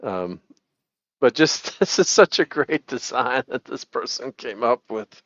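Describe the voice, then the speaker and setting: A man's voice: medium pitch, lively intonation, a little slow, fairly bright tone, no echo. Chuckling middle-aged man, dry dull sound. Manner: chuckling, rambling, lots of laughter. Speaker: host. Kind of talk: casual live-stream chat.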